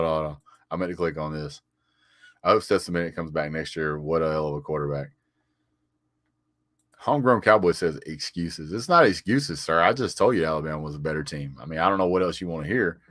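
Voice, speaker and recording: A man's voice: deep voice, animated, normal speed, a bit bright, no room sound, studio quality. A man doing a casual live stream, reading viewers' comments aloud and answering them with frequent "sir"s, little chuckles and stammered repeats. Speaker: sports vlogger reading live chat.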